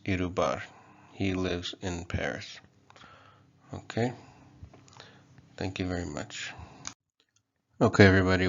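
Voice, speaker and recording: Deep-voiced guy teaching a language, slow and flat, kinda muffled lo-fi sound. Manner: relaxed, hesitant, with many ums and okays. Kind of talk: casual online language lesson.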